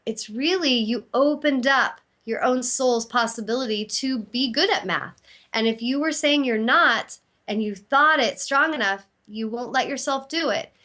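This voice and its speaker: A woman's voice: a little high, measured pace, pushed and bright. A middle-aged woman, host and intuitive healer, giving an earnest, encouraging self-help talk and acting out inner dialogue.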